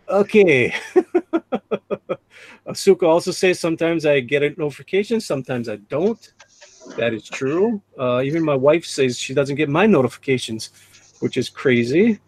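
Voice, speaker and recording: Middle-aged guy hosting a drawing stream, reads chat out loud, bit high voice, dry close mic. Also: animated, a little slow, no echo. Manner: reads chat aloud, laughing often. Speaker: livestream host. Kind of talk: casual livestream chat.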